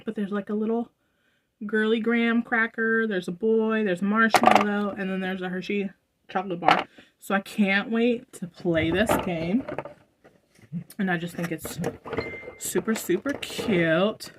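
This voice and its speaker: A woman's voice: mid-range voice, fairly even intonation, a little slow, heavy background noise. A young American woman, a vlogger chatting casually to her viewers, rambling with fillers and asides. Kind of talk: casual haul vlog. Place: indoors at home.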